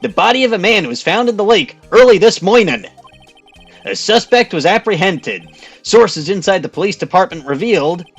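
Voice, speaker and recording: A man's voice: high-pitched, lively intonation, normal speed, vocal fry, husky, muffled recording, faint music behind, voice pushed up, full character voice. A man doing a silly male TV news reporter voice, with a mock-formal newscaster delivery, for a comedic game playthrough. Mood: urgent bulletin.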